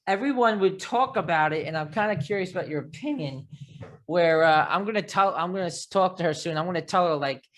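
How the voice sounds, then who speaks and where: A man with a thick Long Island New York accent hosting a casual interview, telling stories in a rambling, animated way. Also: high voice, fairly quick, a little hiss or hum. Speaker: podcast host.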